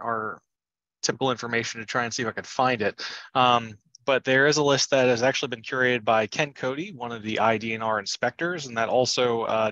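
A man joining a webinar to answer a question in a measured, matter-of-fact way. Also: mid-range voice, pushed and bright, no echo, muffled recording. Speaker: panelist. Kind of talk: unscripted answer.

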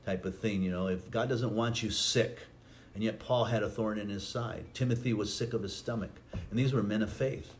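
Casting: male pastor, lowish voice, earnest sermon delivery, faint hum of the room behind. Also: steady tone, normal speed. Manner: preaching, acts out quotes with rising voice.

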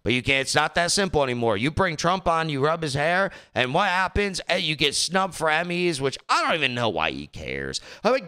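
A man hosting a casual commentary chat, ranting with exasperation and tripping over repeated words. His voice is higher than usual for a man and clear, with a bright, sharp edge. His pitch leaps around animatedly as he works himself up. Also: big pitch swings, a little fast, hardly any pauses.

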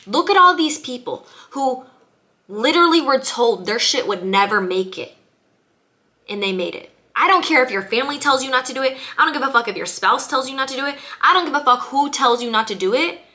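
A young woman with a bright, clear voice delivers a ranting motivational monologue straight to camera. She is blunt and emphatic, swears freely and drives each point home by repeating it. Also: a little high. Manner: blunt, emphatic, heavy swearing, preachy repetition. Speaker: vlogger.

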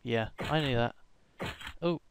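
A man's voice: medium pitch, slow pace, vocal fry, noisy background. A young man giving rambling, joking commentary while playing a game, with random outbursts and hummed tunes. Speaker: gaming YouTuber. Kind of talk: casual gameplay commentary.

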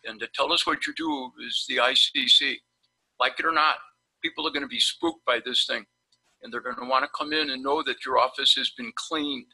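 A man's voice: mid-range voice, steady tone, a little fast, sharp tone, husky, faint music behind, poor audio. A man, a periodontist, telling rambling, blunt stories in a casual webinar chat over a video call. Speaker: periodontist guest.

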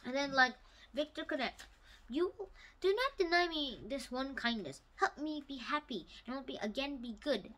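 A woman casually retelling a novel for her channel, halting with restarts and bursting into loud, excited outbursts. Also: high-pitched, low-quality recording. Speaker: YouTube storyteller.

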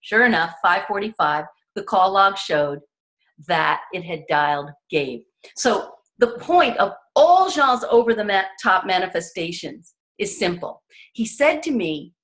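A woman's voice: mid-range voice, animated, unhurried, fairly bright tone. A woman author who tells her stories emphatically as an interview guest, acting out the voices of the people in them. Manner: earnest and emphatic. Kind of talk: animated personal storytelling.

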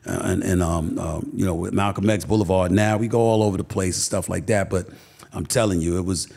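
A man's voice: low voice, fairly even intonation, a little fast, creaky, a little mellow, breathy edge. A middle-aged man from Queens with a New York accent, a guest telling stories emphatically with many restarts. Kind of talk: podcast interview, storytelling.

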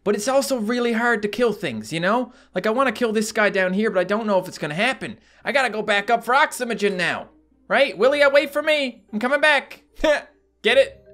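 Young male gaming host, lively swooping delivery, bright voice, casual let's-play chat. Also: high voice, fairly quick. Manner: animated, yelps and laughs at sudden attacks. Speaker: gaming YouTuber.

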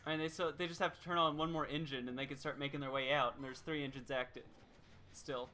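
A man's voice: a little high, fairly even intonation, fast, sharp tone, slight background noise. A man streaming a video game, giving playful, chatty commentary and laughing often.

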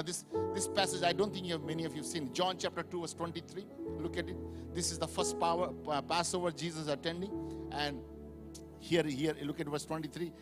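Man, pastor, church sermon, fervent preaching, live congregation, clear background music. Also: fairly high pitch. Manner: preaching, building from quiet to loud and fervent.

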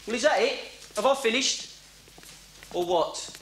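A man's voice: extremely high pitch, animated, a little slow, a bit bright, a little hiss or hum, heavily acted. An actor playing an evasive, defensive male fashion photographer in a 1980s crime drama. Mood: grudging. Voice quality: grudging, defensive.

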